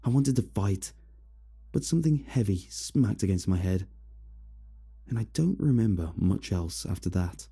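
A man narrating a first-person horror story in a steady, somber manner. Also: fairly low pitch, unhurried, gravelly, breathy edge, soft background music.

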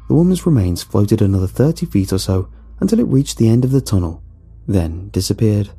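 A man narrating a first-person horror story in an expressive, animated way. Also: fairly low pitch, brisk, husky, faint music behind.

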